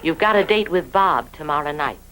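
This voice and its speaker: A woman's voice: low voice, lively intonation, fairly quick, background noise. A dry, sardonic older woman. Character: skeptical, protective older woman.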